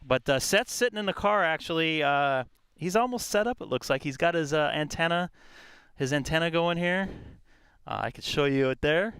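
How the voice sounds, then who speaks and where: A man's voice: fairly high pitch, expressive, moderate pace, a bit bright, clean tone, dry recording, studio quality. Chatty man rambling on a live stream. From California. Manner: rambling, chatty, lots of fillers. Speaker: ham radio live streamer. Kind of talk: casual live stream chat. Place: outdoors in a park.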